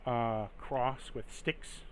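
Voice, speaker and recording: A man acting as game master for a tabletop game, narrating and shouting as the townsfolk. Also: mid-range voice, very slow, a loud crowd. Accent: put-on Scottish. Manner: loud and animated when voicing townsfolk.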